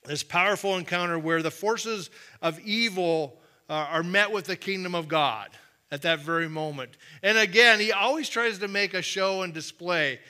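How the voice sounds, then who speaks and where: Male pastor, conversational sermon, higher bright tone, quiet firm emphasis. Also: normal speed.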